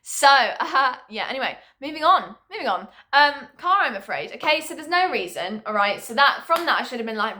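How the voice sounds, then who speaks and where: Bright, chatty young woman. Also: sits high, fairly quick, hardly any pauses. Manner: chatty and animated, swears freely, laughs often. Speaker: vlogger. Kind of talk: casual storytime monologue.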